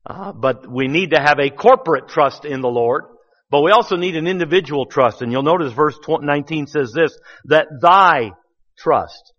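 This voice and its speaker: A man preaching a sermon as pastor, folksy and explanatory, building to emphatic bursts. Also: mid-range voice. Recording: dull sound with long church reverb.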